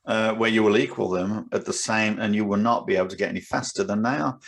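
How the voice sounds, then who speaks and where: Chatty British man in his sixties, low-voiced. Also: fairly even intonation, fast talker, gravelly, a bit bright. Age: 60s. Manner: chatty storyteller, laughs often, acts out quotes. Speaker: martial arts instructor, podcast co-host. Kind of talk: casual chat.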